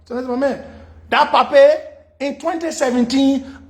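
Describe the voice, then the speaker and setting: Animated high-voiced man. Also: a little slow, gravelly. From Liberia. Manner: animated, acts out quoted dialogue in shifting voices. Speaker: radio talk show host. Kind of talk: storytelling monologue.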